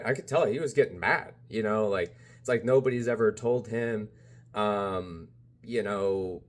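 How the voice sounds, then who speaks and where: A man with a fairly low voice talks straight to camera in a loose, rambling vlog monologue. He keeps circling back with "you know" and "like" and sounds like he is chatting with a friend. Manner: rambling, many fillers like "you know" and "bro". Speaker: spiritual vlogger.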